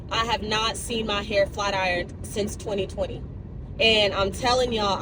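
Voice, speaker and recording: A woman's voice: medium pitch, background noise. A young woman fitness vlogger talking casually and animatedly to her viewers, recorded on a phone in her car and later in a gym locker room. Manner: chatty, animated, speaks to viewers as y'all. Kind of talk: casual chat to camera.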